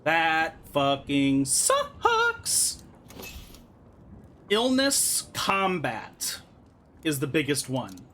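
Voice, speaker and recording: Swearing, bright-voiced male game streamer. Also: fairly high pitch, wildly swooping pitch, very slow, pauses often, a little hiss or hum. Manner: swearing, exasperated. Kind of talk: let's-play commentary.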